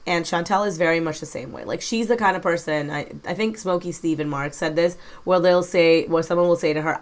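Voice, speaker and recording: A woman's voice: deep voice, brisk, few pauses. A woman giving reaction commentary in a blunt, frank way, swearing casually as she talks. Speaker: commentary YouTuber.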